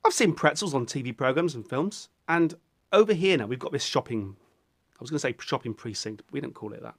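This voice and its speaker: A man's voice: medium pitch, animated, fairly quick. A man, rambling through a casual vlog in a goofy way, swearing often and breaking into silly voices. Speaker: vlogger.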